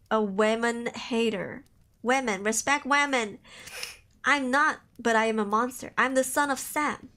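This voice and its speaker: A woman's voice: high-pitched, sharp tone. A woman voicing a deranged male killer as she reads out his taunting letter with theatrical drama.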